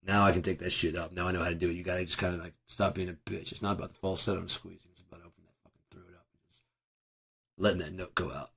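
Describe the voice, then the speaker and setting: A man with a low, raspy voice that has gone hoarse from a lot of screaming. He talks at home in a profane, wandering monologue, breaking into loud angry outbursts. The husky rasp stays in every word. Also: flat delivery, very fast. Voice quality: raspy, gravelly. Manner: profane, ranting, with bursts of loud shouting. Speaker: vlogger. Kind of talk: casual rambling monologue.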